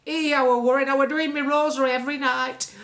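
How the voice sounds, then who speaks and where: A woman's voice: sits high, level tone, quick pace, a bit bright, pitched above the performer's own voice. A woman voicing a very old, fretful lady on the phone who chatters in a homely way and calls everyone love. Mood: relieved.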